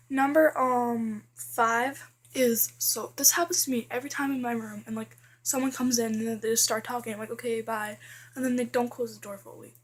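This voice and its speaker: A woman's voice: a little high, husky. A teenage girl vlogging casually, chatty and full of fillers, complaining about things that annoy her. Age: teens. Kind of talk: casual list vlog.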